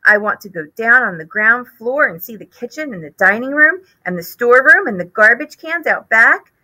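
Storybook: woman reading cocky young boy mouse, bright and lively, pitched up. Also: moderate pace, exaggerated voice, low-quality recording. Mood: eager. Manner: eager, boastful.

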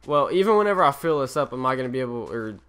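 This young gaming-channel host has a mid-range, clear, resonant voice that's a bit bright, and he races along very animatedly despite being tired. Playing his game, he offers rambling, self-deprecating Let's Play commentary that wanders from thing to thing.

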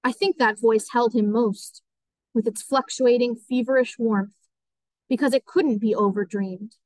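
A woman teacher reading a novel aloud as audiobook narration, steady and clear. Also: a little high, a little slow, no echo, rough recording.

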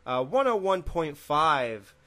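A man's voice: a little high, very animated, takes it slowly, pushed and bright. A man co-hosting a podcast, recapping a sitcom episode in a laid-back, rambling way and laughing often. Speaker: podcast co-host.

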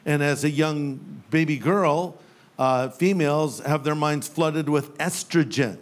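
A man's voice: on the high side, slow. Older man preaching with playful humor. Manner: humorous storytelling with playful quoted voices. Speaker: pastor. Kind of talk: sermon. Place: church sanctuary with live audience.

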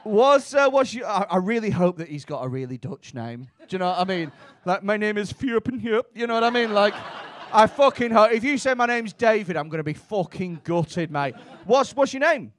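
High-voiced sweary comic. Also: male voice, sing-song, a little fast. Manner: brash, sweary, teasing banter. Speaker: stand-up comedian. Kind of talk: stand-up crowd work. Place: comedy club stage. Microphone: handheld stage mic.

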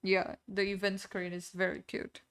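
A woman's voice: mid-range voice, flat delivery, moderate pace, fairly bright tone, clear, resonant tone. A woman streaming a game, chatting casually and giggling as she reads the game text aloud. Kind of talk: casual gaming stream chat.

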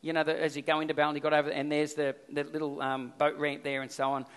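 A middle-aged Australian man preaching a sermon, telling a story in an animated way and often repeating himself. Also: fairly high pitch, quick pace, clean tone. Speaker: pastor.

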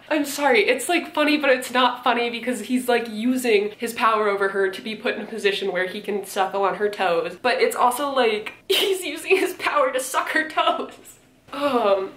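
A woman's voice: mid-range voice, fairly bright tone. A woman giving casual, sarcastic reaction commentary, laughing and swearing as she reads passages aloud. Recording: echoey room.

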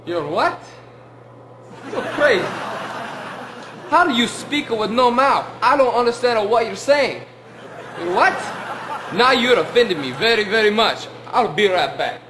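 A man doing Giuseppe, a high mock-Italian cook. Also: animated, measured pace, pauses often, noisy background. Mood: baffled. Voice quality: high, exaggerated put-on voice. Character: goofy male Italian pizza cook, gossipy and easily offended. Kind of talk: amateur comedy sketch.

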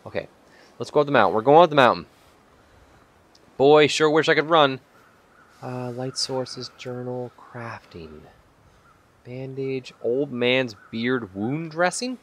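A man playing a survival video game and talking through it in casual commentary, chatty and profane, with sudden excited yelps. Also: medium pitch, unhurried, pauses often. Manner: chatty, swears a lot, bursts into excited yelps. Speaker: gaming channel host. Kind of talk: let's play commentary.

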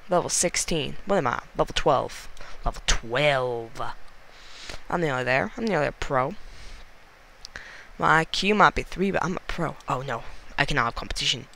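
A man giving casual gameplay commentary in a goofy, excitable way, talking to himself and the other players. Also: a little high, creaky, slight background noise. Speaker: gaming channel host.

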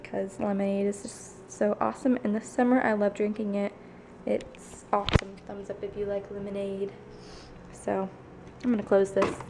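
A woman's voice: medium pitch, background noise. A teenage girl chatting casually as she films herself at home on a handheld camera, narrating what she does. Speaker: vlogger. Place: home kitchen, indoors.

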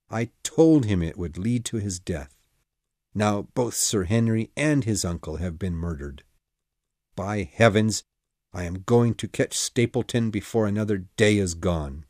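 A man voicing an urgent, commanding middle-aged male detective in an audiobook, with brisk exclamations and reasoning. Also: on the low side, darkish tone, no echo, clean studio sound. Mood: remorseful. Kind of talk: audiobook character reading.

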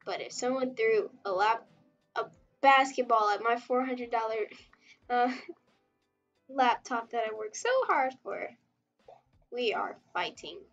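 A woman's voice: fairly high pitch, measured pace, pauses often, dull audio, faint music behind. A woman streaming while she draws, chatting casually and rambling as she reacts to chat, with frequent giggles. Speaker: webtoon artist streamer.

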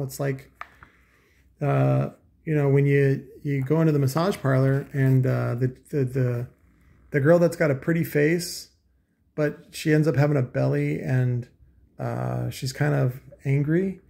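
A gravelly, mellow-toned middle-aged man rambles through a casual profane commentary, crude and sarcastic. A faint hiss sits under his voice. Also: mid-range voice. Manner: crude, sarcastic, mocking, with scoffing asides. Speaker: vlogger reviewing audio magazine.

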